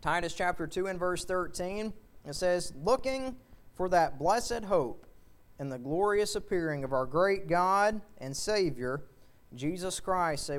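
A male preacher delivering a fervent sermon, building to loud shouts at the peaks. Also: high-pitched, lively intonation, measured pace.

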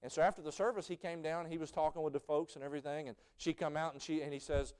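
Man, preacher, folksy sermon, smooth resonant voice, fairly high pitch. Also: fairly even intonation, quick pace, hardly any pauses. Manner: folksy storytelling, rising to shouted fervor.

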